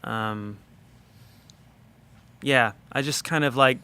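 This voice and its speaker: A man with a bright, crisp voice recounts a studio anecdote as a podcast guest. He talks in a chatty, animated way, leaning on fillers and asides as he goes. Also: mid-range voice, takes it slowly. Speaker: record producer guest. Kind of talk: casual storytelling in a podcast interview.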